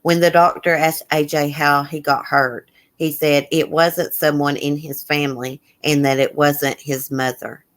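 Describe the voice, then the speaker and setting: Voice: mid-range voice, little pitch movement, a little slow, few pauses, fairly bright tone. A live-stream host in casual commentary who reads a news article aloud, with blunt, indignant asides and remarks to viewers in the chat.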